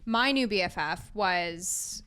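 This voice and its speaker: A woman's voice: mid-range voice, expressive, slow, bright, forceful tone, clean tone. Playful Canadian woman podcast host. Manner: playful teasing banter. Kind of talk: casual podcast chat.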